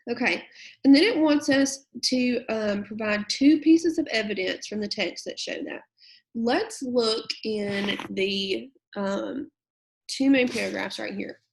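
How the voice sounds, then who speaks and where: A woman's voice: on the high side, slow pace, vocal fry, rough recording. A woman teacher giving a recorded middle school English lesson. She reads a passage aloud and then explains it in a patient, conversational way with plenty of fillers.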